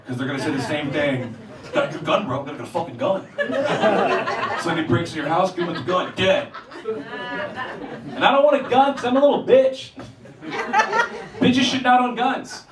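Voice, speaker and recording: A man's voice: high-pitched, lively intonation, moderate pace, noisy background. A young man doing a profane, self-deprecating stand-up comedy set in a small theater, acting out other people's voices. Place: small theater, live audience. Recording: roomy live room mic from a distance, loud crowd laughter. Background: audience laughter.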